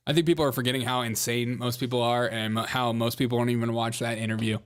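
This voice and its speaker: A man hosting a live online show, giving loud, mocking political commentary and laughing often. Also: mid-range voice, normal speed. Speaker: livestream host.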